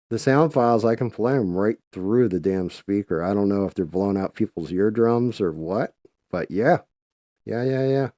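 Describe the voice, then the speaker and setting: Guy hosting a stream, lowish warm voice, loose and chatty, cusses a lot while painting. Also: no echo, clean studio sound. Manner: loose, chatty, swears freely. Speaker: livestream host. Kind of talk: casual live-stream chat while painting.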